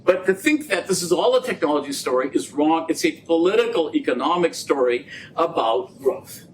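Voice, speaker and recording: A middle-aged man giving a public lecture as a guest speaker, an animated storyteller who jokes with the audience. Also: moderate pace. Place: lecture room. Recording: distant mic with faint rumble.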